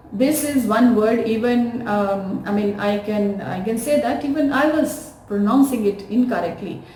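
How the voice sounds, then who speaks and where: A woman's voice: a little high, darkish tone, a little hiss or hum. A woman with an Indian English accent teaching English pronunciation, spelling words letter by letter and repeating them. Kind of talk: slow, deliberate instructional talk to camera. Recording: echoey room.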